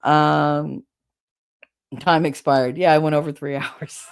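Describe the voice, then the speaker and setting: A woman's voice: deep voice, little pitch movement, slow pace, creaky, clear, resonant tone. A woman hosting a livestream, talking casually and candidly with her chat, rambling and swearing now and then. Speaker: livestream host.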